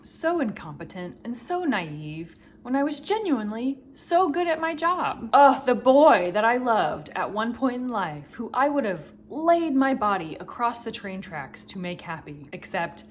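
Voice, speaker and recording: A woman's voice: fairly high pitch, big pitch swings, a little slow, hardly any pauses, a little hiss or hum. A woman in her thirties talking to camera in a vlog, telling a personal story in a candid, emotional way with wry humor. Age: 30s. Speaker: vlogger. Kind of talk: confessional vlog monologue.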